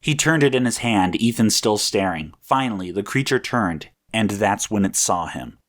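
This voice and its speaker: A man reading a story aloud as narrator, in measured, even storytelling. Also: on the low side. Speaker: audiobook narrator.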